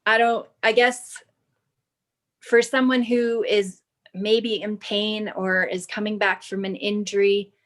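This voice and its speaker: Slow-talking woman sharing her story. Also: mid-range voice. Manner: slow, thoughtful, reads from her notes. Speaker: client giving a testimonial. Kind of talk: casual video call chat.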